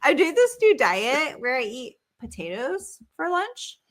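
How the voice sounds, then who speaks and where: A woman co-hosting a podcast in casual chat, animated and swearing casually with frequent laughter. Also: high voice, unhurried. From not from the South, Southern family. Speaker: podcast co-host.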